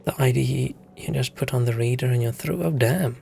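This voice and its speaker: A young South African man with a medium-pitched, gravelly, mellow voice talks at a moderate pace while streaming a game. He rambles through stories in casual chat, swearing freely, and there's a little hiss or hum on the audio.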